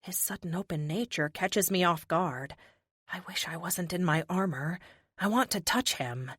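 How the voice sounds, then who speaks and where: Female audiobook narrator, fairly low voice, wry and emotive, dry close mic. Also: normal speed, fairly bright tone, slightly rough, no echo. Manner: wry, emotive first-person delivery. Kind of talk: first-person audiobook narration.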